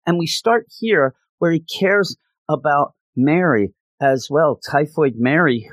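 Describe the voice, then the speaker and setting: A man's voice: mid-range voice, no room sound. Rambling, passionate man with a dry sound. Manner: rambling, passionate, lots of fillers. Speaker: comic book reviewer. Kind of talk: casual spoken review.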